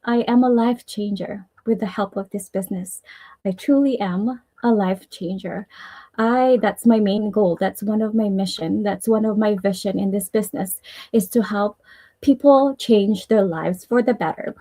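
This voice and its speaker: A woman's voice: mid-range voice, moderate pace, warm tone, rough recording. A woman with a Filipino accent hosting a casual live stream, chatty and earnest as she shares personal affirmations, rambling a little with restarts and small laughs. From Philippines.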